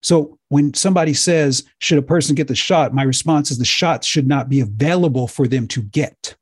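A man giving an impassioned lecture-style talk to viewers, emphatic and repetitive, his voice getting hoarse. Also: mid-range voice, moderate pace, dry recording, studio quality. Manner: emphatic, preachy, repeats himself. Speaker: speaker addressing viewers.

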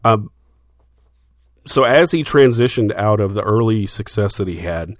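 Man, low voice, dry close sound, casual explainer, lots of "uh". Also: animated, a little slow, no echo. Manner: explanatory, filler-heavy, restarts. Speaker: podcast co-host. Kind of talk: casual music discussion.

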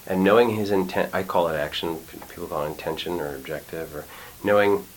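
Deep-voiced man telling acting stories. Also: fairly quick, a little hiss or hum, poor audio. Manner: animated, acts out quotes, lots of restarts. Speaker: actor and acting teacher. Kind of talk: casual interview conversation. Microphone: studio mic.

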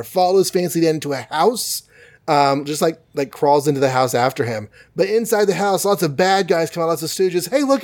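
A man's voice: on the high side, darkish tone. Rambling man recapping comics. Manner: rambling, jokey, many fillers. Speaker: podcast host. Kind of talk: casual comic book recap.

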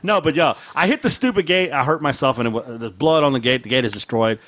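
A man's voice: mid-range voice, fast, a bit bright, no echo. A middle-aged man telling a funny story in casual chat, laughing often and jumping into raised voices to act out quotes.

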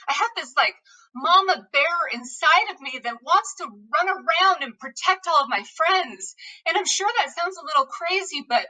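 High, bright-voiced impassioned woman host. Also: expressive, moderate pace, distant mic, rough recording. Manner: earnest and impassioned, repeats calls to action. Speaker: podcast host. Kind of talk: heartfelt opening monologue.

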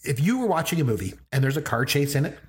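A man's voice: fairly high pitch, big pitch swings, fast. Playful man co-hosting a podcast. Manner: playful, laughs often. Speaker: podcast co-host. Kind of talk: casual podcast chat.

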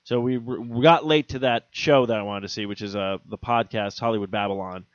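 A man's voice: on the low side, a little fast, dry recording. Man telling a rowdy comedic story. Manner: animated, acts out quoted voices loudly. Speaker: podcast co-host. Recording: dull dry lo-fi audio.

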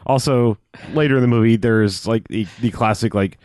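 A man's voice: mid-range voice, normal speed, a little mellow, dry recording, studio quality. A man co-hosting a podcast, talking through a movie in a rambling, wry, casual way. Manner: rambling, full of fillers and restarts, wry. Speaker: podcast co-host. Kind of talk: casual movie recap chat.

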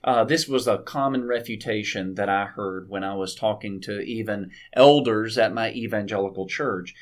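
A man, a pastor co-hosting a podcast, talking in a lively, incredulous, conversational way about a sermon. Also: fairly low pitch, moderate pace. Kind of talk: casual theological discussion.

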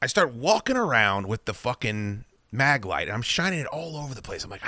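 A man hosting a podcast, telling a story casually and with lots of swearing, acting out his own shouts. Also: mid-range voice, brisk, few pauses, no room sound, clean studio sound. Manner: profane, animated, acts out his own shouting. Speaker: podcast host.

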